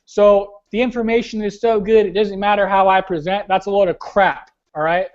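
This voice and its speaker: Young male team leader, high-pitched, blunt and casual, hosting a webinar call; muffled lo-fi sound. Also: a little mellow. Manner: blunt, casual, slangy, keeps saying "guys". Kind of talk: motivational coaching talk.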